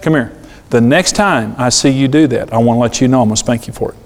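A middle-aged man preaching a sermon on parenting, animated and acting out the voices he quotes. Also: mid-range voice, quick pace. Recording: long hall reverb.

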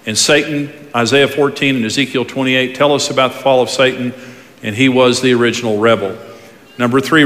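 A man preaching a sermon, telling stories with lively pacing and acting out the voices of the people he quotes. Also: medium pitch. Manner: animated storytelling, acts out quoted voices. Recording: long reverb of a large hall.

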